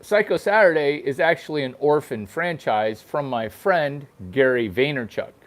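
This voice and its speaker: A man's voice: on the high side, moderate pace. A man hosting his own show, delivering a crude, rambling comedic monologue that repeats itself. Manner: crude, provocative, repeats himself. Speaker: host. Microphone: single microphone, no sound effects.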